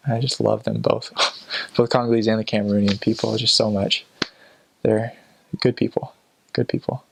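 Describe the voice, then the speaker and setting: On a rough recording with a little hiss or hum, this young man speaks at a moderate pace in a gravelly, flat, lowish voice. He's a returned missionary chatting through casual stories, restarting often, leaning on fillers, and imitating the voices of the people he describes.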